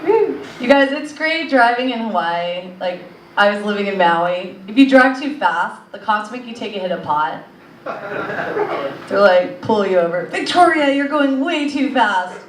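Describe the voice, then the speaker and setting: A young woman performs stand-up in a comedy club, rambling along with lots of fillers. Her mid-range voice is animated and unhurried, heard from a distance in echoey club audio with slight background noise.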